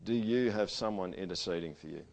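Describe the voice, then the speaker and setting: Pastor, conversational and emphatic. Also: male voice, deep voice, brisk, gravelly. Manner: conversational, swings from loud emphatic to quiet and intimate. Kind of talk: sermon. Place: church gathering.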